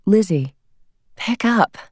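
A woman voicing a young woman pleading softly on an answering machine, stretching her vowels almost like singing. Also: lowish voice, no room sound, clean studio sound, natural voice. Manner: soft, sing-song, drawn-out vowels.

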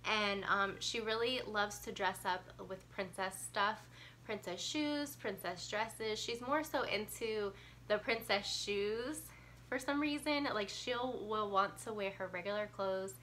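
A young woman with a bright, crisp-edged voice chats to her viewers, her nose a little stuffed from a cold and her breath running short. She rambles casually, dotting her talk with um and like, over a faint hiss of background noise. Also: medium pitch, fairly even intonation, measured pace. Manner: chatty, lots of ums and likes. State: congested, getting over a cold. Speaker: mom vlogger. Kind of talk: casual chat to camera.

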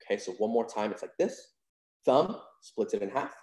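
A man's voice: lowish voice, big pitch swings, normal speed, darkish tone. A young man casually teaching card handling, upbeat and chatty, full of "like" and "super cool". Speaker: magic instructor. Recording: roomy echo.

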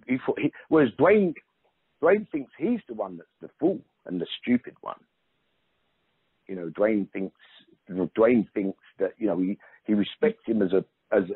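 A man's voice: on the low side, slightly rough, no room sound. A middle-aged man talking as an interview guest, emphatic and chatty, restarting sentences and saying "you know" a lot. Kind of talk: casual conversational interview. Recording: narrow phone-like line.

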